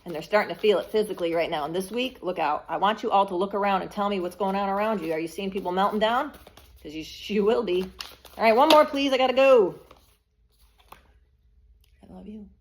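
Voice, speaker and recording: A woman's voice: medium pitch, fairly quick, a little hiss or hum. Woman tarot reader, blunt, emphatic, casual swearing. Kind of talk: collective tarot reading.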